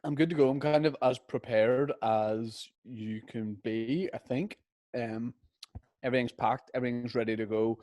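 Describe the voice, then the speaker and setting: A young man trades jokes in a deadpan way during a casual podcast chat. His voice sits mid-range. The sound is dry and close, with no room around it. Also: medium pitch, normal speed, no room sound. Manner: jokey, deadpan banter.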